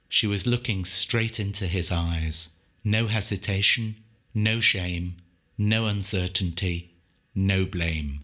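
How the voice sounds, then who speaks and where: A man reading a short story aloud in a measured, reflective narration. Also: deep voice, fairly bright tone.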